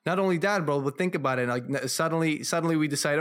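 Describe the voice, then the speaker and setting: A man's voice: a little high, fast talker, a bit bright. Laid-back man agreeing in casual chat. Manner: agreeable, backs up his co-host, casual slang.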